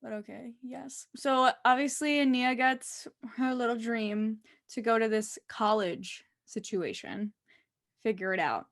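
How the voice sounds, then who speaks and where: Animated young woman gushing over TV. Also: fairly high pitch, unhurried, gravelly, no echo, studio quality. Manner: animated, gushing, exclaims and trails off. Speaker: co-host. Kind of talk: casual TV episode discussion.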